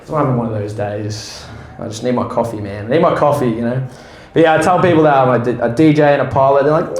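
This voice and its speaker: A man's voice: mid-range voice, brisk, reverberant. A man with an Australian accent doing a casual, sweary, self-deprecating stand-up comedy set in a small room at a fringe show.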